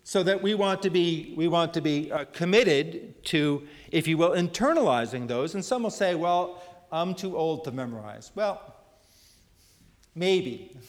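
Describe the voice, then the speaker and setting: A middle-aged male pastor giving a conversational sermon, quoting scripture and pausing on fillers. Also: on the high side, lively intonation, in a large hall. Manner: conversational preaching, quotes scripture, frequent fillers.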